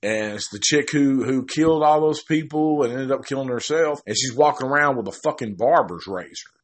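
A man at an ordinary middle pitch talks through a movie's story in a loose, rambling way. He swears almost every sentence, often starts over halfway through a thought, and slips quick quoted bits of the characters' dialogue into his retelling. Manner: acts out characters' lines in quick quoted asides. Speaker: film reviewer. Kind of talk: casual profane film recap.

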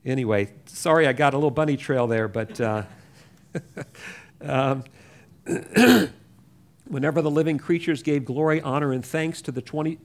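A man's voice: a little high, measured pace, long pauses. A man in his sixties telling a personal faith story in a rambling, chatty way as a preacher.

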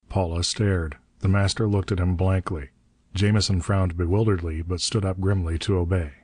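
A man narrating a story in a steady, measured reading. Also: low voice, slightly rough, no echo, studio quality. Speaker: audiobook narrator. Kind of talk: scripted narration.

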